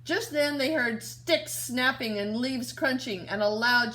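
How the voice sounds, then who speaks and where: A woman teacher reading a picture book aloud to young children, expressive and asking them questions along the way. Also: on the high side, measured pace.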